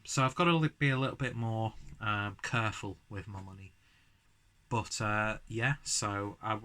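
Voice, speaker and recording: A man with a fairly low, sharp-toned voice reviews a beer at home in a casual vlog, slightly buzzed from drinking. He rambles and pokes fun at himself, recorded on a camera mic and framed from the chest up.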